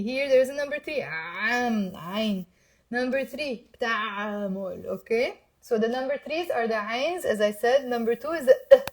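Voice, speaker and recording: A Lebanese woman with a high voice teaches her dialect in a live online lesson. She coaxes her viewers to repeat after her and slows down to spell out each word. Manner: encouraging, coaxing viewers to repeat aloud. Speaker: Arabic teacher.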